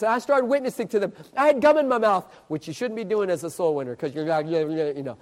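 Male street preacher, very high voice, animated storyteller, echoey church hall. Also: fast, hardly any pauses. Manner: animated, building suspense with repeated questions. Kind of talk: sermon storytelling.

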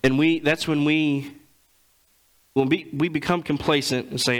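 A man preaching a sermon, reading scripture and retelling it in casual everyday speech, clearing his throat often. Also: a little high, fairly even intonation, unhurried, poor audio.

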